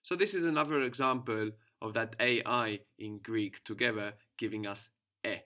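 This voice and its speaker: A man's voice: on the low side, normal speed, bright, forceful tone. A man teaching a language lesson, patiently explaining and prompting his student.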